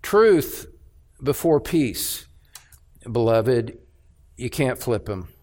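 Slow, emphatic male preacher. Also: medium pitch, very animated, darkish tone. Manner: emphatic preaching with measured repetition. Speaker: pastor. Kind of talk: sermon.

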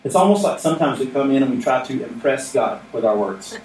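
A man's voice: medium pitch, lively intonation, brisk, a little mellow. A man giving a casual, plain-spoken sermon as pastor, mixing humor with earnest appeals to his congregation. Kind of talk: conversational sermon. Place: church sanctuary with responding congregation. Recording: echoey room, mic at a distance, faint noise.

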